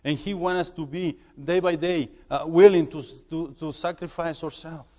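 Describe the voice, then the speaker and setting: A man who is a missionary preaching in a church, halting and repeating words as he urges the congregation. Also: on the high side, steady tone, darkish tone, big-room sound. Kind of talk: sermon.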